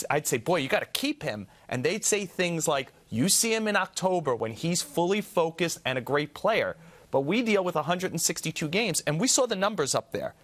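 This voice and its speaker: A man with a slightly high voice weighs in on a studio baseball panel. He talks in a conversational, opinionated way and draws on his own experience. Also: fairly bright tone. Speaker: baseball analyst. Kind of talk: studio sports panel discussion.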